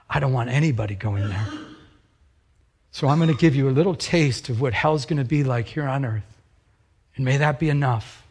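A man preaching a sermon as a pastor, telling stories in an animated way and repeating phrases for emphasis. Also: medium pitch.

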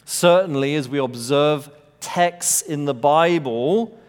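A man preaching an expository sermon, measured and emphatic, rising to bold peaks and dropping to hushed lows. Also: clear, resonant tone. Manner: measured, emphatic delivery with dramatic rises and hushed drops. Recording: long reverb of a large hall.

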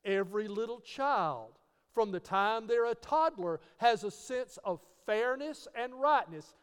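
A man's voice: high voice, lively intonation, unhurried, a bit bright, clear, resonant tone. A man giving an apologetics teaching talk. He asks rhetorical questions and spells out key words letter by letter. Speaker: Christian teacher. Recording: long reverb.

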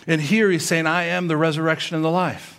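A man's voice: fairly high pitch, flat delivery, a little fast, fairly bright tone. A male pastor preaching a sermon in a conversational way, reading scripture aloud and checking in with "okay".

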